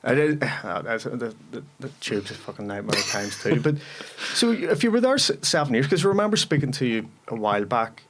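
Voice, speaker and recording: A man's voice: mid-range voice, lively intonation, brisk, hardly any pauses. A Northern Irish man hosting a podcast, blunt and swearing freely, often restarting his sentences. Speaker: podcast host. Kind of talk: casual podcast chat.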